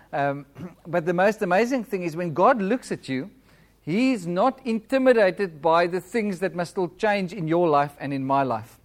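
A man, probably in his thirties, preaching in a church and leading a prayer, speaking in a conversational style with a self-described flat accent. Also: sits high. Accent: non-British English, self-described flat. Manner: warm, conversational preaching with laughs and audience questions. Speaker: guest preacher. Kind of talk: sermon and prayer.

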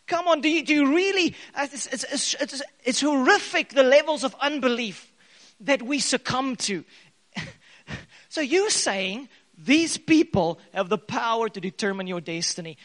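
A man preaching a sermon in an animated way, his voice echoing in a church hall. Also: very high-pitched. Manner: animated preaching with bursts of loud acted quotes. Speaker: pastor. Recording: long hall reverb.

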